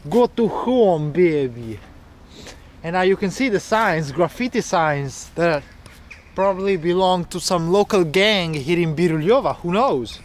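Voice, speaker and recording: A man's voice: high voice, a little hiss or hum. A man walking city streets as a travel vlogger, chatting and explaining local facts to the camera. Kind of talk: walking travel vlog narration.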